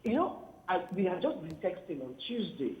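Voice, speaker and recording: A woman's voice: lowish voice, moderate pace. An older woman calling in by phone, speaking emotionally in a casual chat. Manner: emotional, lively tribute. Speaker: phone-in guest. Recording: roomy, dull phone line with faint ambience.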